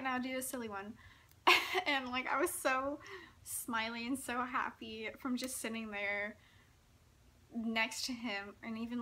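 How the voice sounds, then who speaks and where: A young woman in her late teens tells her story with giggly, breathless excitement, scattering "like" through every sentence. Her voice sits fairly high and bright. A faint hum runs underneath. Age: young adult. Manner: giggly, breathless, gushing, lots of "like". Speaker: vlogger.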